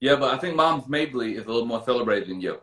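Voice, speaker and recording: A man's voice: mid-range voice, expressive, quick pace, bright, forceful tone, roomy sound. A man voicing a smug, laid-back male music mogul who lectures in a patronizing, rambling way.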